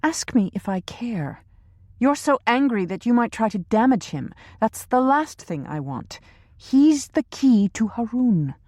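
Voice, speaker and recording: A woman's voice: on the high side, sing-song, measured pace, dry recording, voice pushed up. Brief: a woman as an imperious, sarcastic villainess giving orders in a thriller audiobook, dry sound. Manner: sharp, sarcastic, commanding. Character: scheming ruthless woman boss, imperious and cruel. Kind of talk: audiobook character reading.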